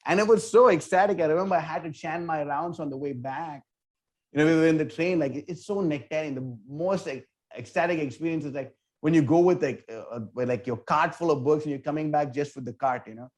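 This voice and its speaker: Animated man telling a story, somewhat high voice. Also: fairly quick. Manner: animated, filler-heavy, with many "like" and "you know". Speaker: temple book distribution leader. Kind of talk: casual interview storytelling.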